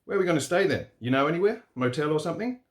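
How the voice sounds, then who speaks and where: A man's voice: a little high, animated, racing, pitched above the performer's own voice, natural voice. A man voicing a brash young male truck driver, cocky and swearing. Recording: roomy echo.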